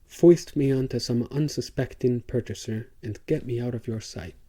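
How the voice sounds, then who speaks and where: A man's voice: medium pitch, normal speed, close to an everyday voice. A man voicing a whining, sly male slave in an audiobook. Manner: whining, soft.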